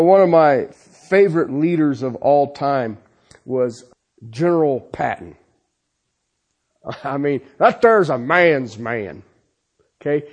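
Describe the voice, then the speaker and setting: A man preaching a sermon who keeps asking rhetorical questions and checking in with the congregation with "okay?", telling stories with animation. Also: fairly high pitch. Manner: peppers his points with rhetorical questions and "okay?".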